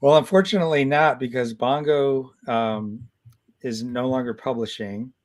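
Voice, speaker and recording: Sixties man, guest storyteller, lively and halting, mid-pitched. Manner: animated storyteller, many restarts. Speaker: guest comic artist. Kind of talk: casual storytelling interview.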